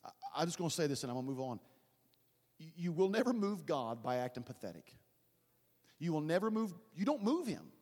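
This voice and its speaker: Male pastor, high and expressive, breathy edge, dramatic sermon delivery with folksy asides, echoing sanctuary. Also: fairly quick. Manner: fervent, dramatic, swings from loud to hushed; direct, folksy asides to the congregation. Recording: long church reverb.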